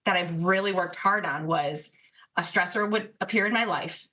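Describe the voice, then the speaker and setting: A woman's voice: fairly low pitch, moderate pace. A woman guest in casual podcast chat, telling stories animatedly and acting out quotes. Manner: animated storyteller, lots of fillers and restarts, acts out quotes.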